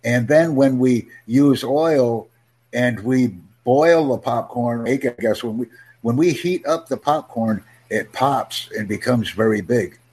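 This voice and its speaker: A man teaching an English conversation lesson over a video call, upbeat and encouraging, speaking in simple, slowed-down phrases. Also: mid-range voice, a little mellow, breathy edge. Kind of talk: live online English lesson.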